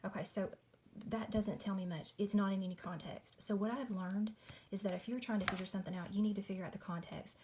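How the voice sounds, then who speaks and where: A woman walks viewers through a Bible study in a relaxed home video. She talks in a chatty, apologetic way, peppering her explanations with y'all, at an ordinary middle pitch. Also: fast talker, few pauses, a little hiss or hum. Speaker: Christian video host. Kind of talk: casual Bible study walkthrough. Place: home at night.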